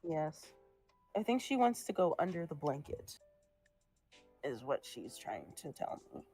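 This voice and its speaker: A woman's voice: deep voice, sing-song, a little slow, warm tone, husky, soft background music. A young woman chatting casually during a drawing stream, talking to her cat in a sing-song voice and a little short of breath as she recovers. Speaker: artist streaming a drawing session. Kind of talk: casual chat.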